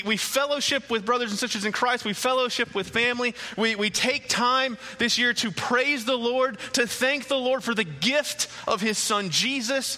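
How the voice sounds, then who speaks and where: A man's voice: extremely high pitch, in a large hall, low-quality recording. A man preaching a sermon to his church in a conversational way, asking rhetorical questions and restarting words as he goes. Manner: stammering restarts, animated emphasis. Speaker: pastor.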